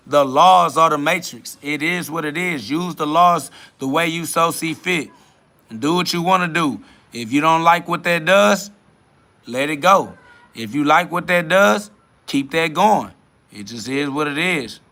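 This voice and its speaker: Man on a livestream, raised pitch, bright and forceful, combative, dismissive, swearing. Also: moderate pace. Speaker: livestream host answering chat. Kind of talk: profane spiritual livestream rant.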